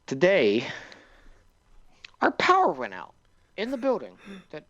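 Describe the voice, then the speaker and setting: Sarcastic ranting man, lively pitch. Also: unhurried, dull audio. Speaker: podcast co-host. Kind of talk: casual podcast chat.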